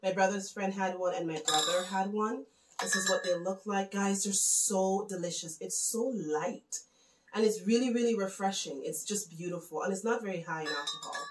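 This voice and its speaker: A woman in her thirties from the West Indies, chatting casually and warmly gushing to viewers as she shows her Christmas gifts. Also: medium pitch, moderate pace, echoey room, noisy background. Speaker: home vlogger. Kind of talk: casual gift show-and-tell.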